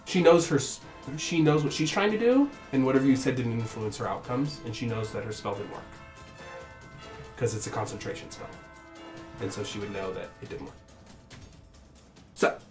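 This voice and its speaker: Guy game master, halting and full of ums, echoey room with music under. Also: mid-range voice, expressive, a little mellow. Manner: halting, hesitant, many fillers. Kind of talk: narrating a tabletop game.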